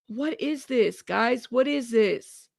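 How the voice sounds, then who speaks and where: Slow, gravelly woman commenting live. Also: a little high, dry recording, clean studio sound. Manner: laughing, reacting and reading aloud slowly. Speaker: host reading trial updates.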